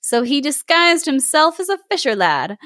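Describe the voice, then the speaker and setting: A woman podcast host reading a folk tale aloud, giggling and adding lively asides. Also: high-pitched, moderate pace, no echo, clean studio sound.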